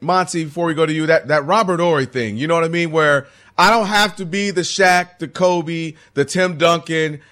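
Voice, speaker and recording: A man co-hosts a sports talk show with a playful, teasing manner. His voice is bright and forward and sits a little high. He trades quick jokes with the panel. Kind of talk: casual sports banter.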